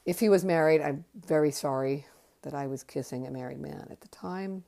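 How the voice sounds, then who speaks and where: Talking a little fast with a low, mellow voice and some vocal fry, this podcast host tells casual stories from her own life. She's a worn-out woman in her fifties from Connecticut who rambles, thinks out loud, and curses without restraint.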